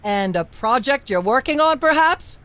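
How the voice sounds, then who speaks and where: Haughty talk show hostess. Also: female voice, high voice, expressive, moderate pace, a bit bright, dry recording. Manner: haughty, lecturing, scolding. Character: pompous older female talk show host.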